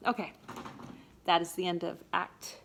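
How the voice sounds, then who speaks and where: A woman's voice: lowish voice, fairly even intonation, a little slow, gravelly, a bit bright, a little hiss or hum. A woman teacher casually explaining a play scene, chatty and playful, acting out lines in voices. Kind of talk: casual literature lesson.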